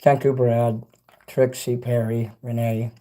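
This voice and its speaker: A man's voice: medium pitch, flat delivery, takes it slowly, warm tone. A man from Chicago chatting on a livestream, reading out chat messages and eating snacks between rambling, blunt remarks that carry the odd curse. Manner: rambling, blunt, swears freely; talks while eating snacks.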